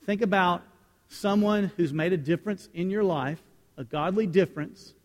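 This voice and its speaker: A male pastor with a fairly high voice delivers a storytelling sermon. He swings from raised, excited lines down to quiet, hushed asides. His voice rings with the long reverb of a church hall. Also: moderate pace.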